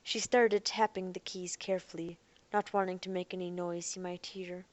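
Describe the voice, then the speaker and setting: A woman narrating an audiobook in a quiet, even storytelling manner. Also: fairly low pitch, moderate pace. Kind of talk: scripted narration.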